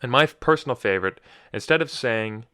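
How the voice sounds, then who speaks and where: A man's voice: medium pitch, lively intonation, fairly quick, sharp tone, smooth, dry recording. A young man hosting his own podcast in casual solo chat, rambling and often restarting his sentences. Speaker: podcast host.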